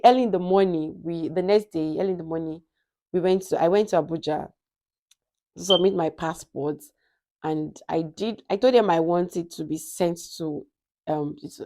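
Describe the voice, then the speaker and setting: A young woman with a Nigerian accent tells a personal story to her vlog viewers, lively and animated, playing out each conversation. Her voice sits low and sounds soft and mellow. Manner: animated, acts out quoted dialogue. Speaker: vlogger. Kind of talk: casual storytelling.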